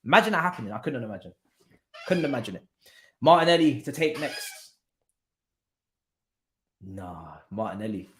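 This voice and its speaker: A man hosting a live football watchalong, swinging between low muttering and excited shouting and repeating his phrases in street slang. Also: moderate pace, long pauses, a little hiss or hum. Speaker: watchalong host.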